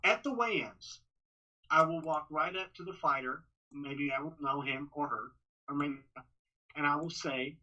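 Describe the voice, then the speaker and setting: A man from Texas talks as a podcast guest, his voice very bright and forward and a touch higher than most. He stumbles and restarts often. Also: poor audio. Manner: halting, many restarts and fillers. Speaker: ring announcer, guest. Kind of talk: casual interview talk.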